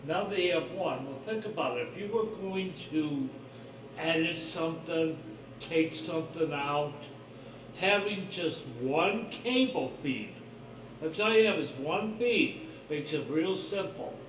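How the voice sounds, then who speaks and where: Guy on his stream going on about conspiracies, kinda high voice, mic far off, roomy room, faint hum behind. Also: animated, slow pace. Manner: conspiratorial, blunt and profane. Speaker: livestream host. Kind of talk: rambling solo livestream monologue.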